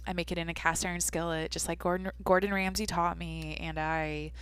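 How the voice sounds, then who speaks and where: A woman's voice: lowish voice, little pitch movement, brisk, a bit bright, clear, resonant tone. A young adult woman hosting a casual solo podcast, rambling and swearing casually as she talks to herself. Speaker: podcast host.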